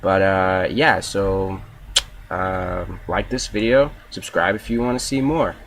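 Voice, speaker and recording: A man's voice: low-pitched, steady tone, takes it slowly, fairly bright tone, a little hiss or hum. A young man giving casual, profane play-by-play commentary over his own gameplay video.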